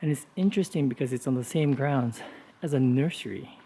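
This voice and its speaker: A man's voice: mid-range voice, fairly quick, a little hiss or hum. A man giving a casual, informative walking tour outdoors, with frequent fillers as he explains the sights. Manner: relaxed, informative, with frequent "uh" and "you know" fillers. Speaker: travel vlogger and walking tour guide. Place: outdoors on city streets.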